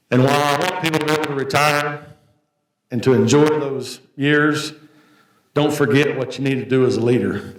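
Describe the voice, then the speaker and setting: A man, an auctioneer, giving a plain-spoken, story-filled tribute speech at an award event. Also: medium pitch. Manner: folksy, anecdotal, plain-spoken. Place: banquet hall. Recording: echoey hall, voice from a distance.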